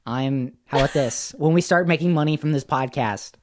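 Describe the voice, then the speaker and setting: A young woman co-hosting a podcast, joking dryly and swearing casually in relaxed chat. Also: a bass voice, moderate pace. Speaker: podcast co-host.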